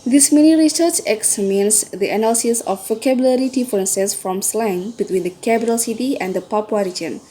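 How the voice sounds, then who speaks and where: A young woman reads her university presentation aloud, steadily counting off points in a mellow, relaxed voice. A light hiss of background noise sits under her voice. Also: on the high side, fairly quick, few pauses. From Indonesia. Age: young adult. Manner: reads steadily, enumerating items one by one. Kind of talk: read-aloud class presentation.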